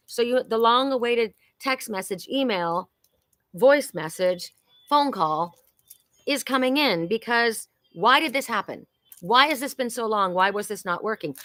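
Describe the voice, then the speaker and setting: A psychic card reader and host runs a live oracle card reading from her Sedona home, addressing viewers directly in an exclamatory, chatty manner. She has a fairly high, bright, forceful voice with lively intonation at normal speed. The recording is dry.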